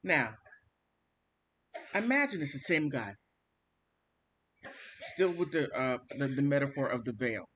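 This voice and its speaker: A man vlogging, telling a family story in an animated, theatrical way and acting out the quotes. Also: mid-range voice, measured pace, long pauses, husky. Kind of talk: casual storytelling monologue.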